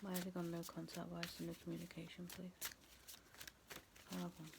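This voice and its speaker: A tarot reader gives a casual reading to camera, chatting, rambling and laughing at herself. Her low voice is gravelly with fry, fairly flat in pitch and fairly quick, with a faint hiss beneath the recording.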